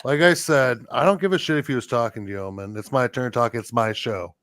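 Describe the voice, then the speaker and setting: A man's voice: mid-range voice, quick pace, a bit bright, a little hiss or hum. A man, a wrestler guest, talking trash brashly and cutting in over others. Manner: brash, interrupting.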